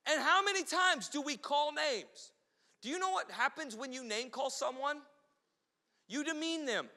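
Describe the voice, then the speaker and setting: A man delivers a lively sermon in an unusually high voice, now and then acting out a shrill quarrel. His tone is bright and ringing. The sound carries the long reverb of a church hall. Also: moderate pace. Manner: animated preaching, mimics quarrels in a shrill voice. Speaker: pastor.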